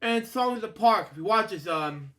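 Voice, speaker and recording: Man storyteller, bright tone, rambling, stumbling reads. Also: high-pitched, lively intonation, normal speed. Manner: rambling, stumbles and restarts often. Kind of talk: reading a storybook aloud with rambling asides.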